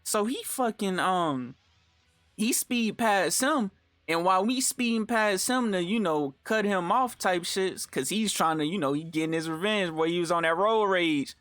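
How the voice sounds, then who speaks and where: A man's voice: sits high, a little slow, no echo. Young man telling a story, dry mic. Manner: slangy, animated, lots of fillers and swearing. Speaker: storytime vlogger. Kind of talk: casual storytelling.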